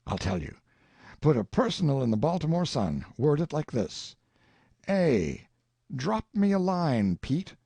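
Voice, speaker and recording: A man's voice: on the high side, sing-song, measured pace, creaky, mellow, slightly rough, no echo, voice pushed up, heavily acted. A man playing a grandiose old scheming colonel. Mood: plotting. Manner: flowery, pleading, theatrical.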